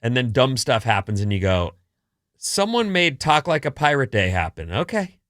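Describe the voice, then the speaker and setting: Bright-voiced radio co-host man. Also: mid-range voice, big pitch swings, normal speed, no room sound, studio quality. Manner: upbeat, teasing, with fillers. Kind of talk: casual radio banter and ad reads.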